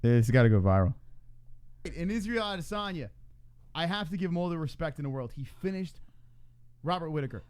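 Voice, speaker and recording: A man's voice: on the high side, lively intonation, a little fast, long pauses, darkish tone, clear, resonant tone, no echo. Teasing, laughing male stream host. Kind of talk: casual live-stream chat.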